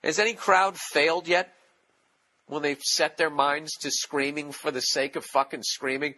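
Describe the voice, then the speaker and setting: A man's voice: a little high, fairly even intonation, a little slow, pushed and bright, a little hiss or hum. A man hosting his own podcast, talking alone in a casual, profane, sarcastic rant. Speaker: podcast host. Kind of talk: casual solo podcast monologue.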